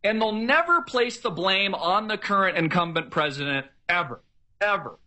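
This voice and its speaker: A man's voice: sits high, expressive, normal speed, pushed and bright. A man delivering an emphatic, repetitive political rant, mocking the people he argues with. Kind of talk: ranting political monologue.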